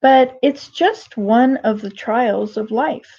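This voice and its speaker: Older lady chatting live on her webcam, kinda high voice, wanders off topic a lot, muffled dull sound. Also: takes it slowly, mellow, breathy edge. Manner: rambling, digressive, many restarts. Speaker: vlogger. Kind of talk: casual live-stream monologue.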